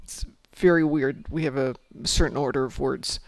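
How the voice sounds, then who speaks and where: A man's voice: mid-range voice, fairly even intonation, moderate pace, vocal fry, no room sound. A man hosting a casual gaming stream, chatting with his group and answering chat messages in a rambling, friendly way. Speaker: streamer host.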